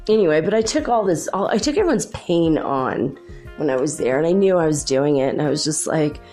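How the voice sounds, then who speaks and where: Low gravelly woman, rambling chat. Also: mellow. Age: adult with children. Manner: rambling, chatty, laughs often, many "like"s and restarts. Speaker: host. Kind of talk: casual personal storytelling.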